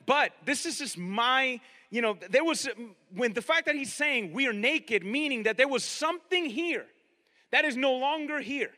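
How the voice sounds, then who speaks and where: A man preaching a sermon in a lively, conversational way, often turning to ask his listeners questions. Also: extremely high pitch, moderate pace, in a large hall. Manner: animated, conversational, asks the audience directly.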